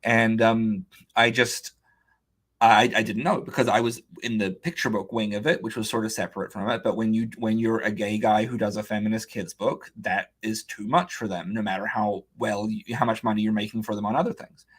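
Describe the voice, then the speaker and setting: A man's voice: fairly low pitch, a little fast, husky. Man telling a story in an interview. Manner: animated anecdote-telling, quoting others' words, frequent "like" and "um". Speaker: author and illustrator guest.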